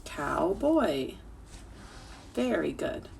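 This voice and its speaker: Patient woman teacher spelling slowly, gravelly. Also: sits low, very animated, a little mellow, a little hiss or hum. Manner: patient, encouraging, sounds words out letter by letter. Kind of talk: slow, clear spelling lesson for children. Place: home, remote teaching.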